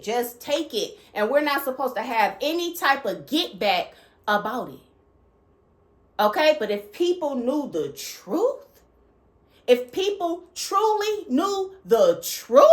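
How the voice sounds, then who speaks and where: A woman's voice: on the high side, roomy sound. A woman hosting her own channel, delivering an emphatic spiritual message, repeating phrases and checking in with "okay?". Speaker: channel host.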